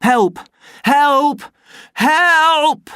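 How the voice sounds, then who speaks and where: A man voicing a timid, nervous man who yells shrilly for help in panic. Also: very high voice, very slow, no room sound, clean studio sound, pitched above the performer's own voice, heavily acted. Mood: panicked.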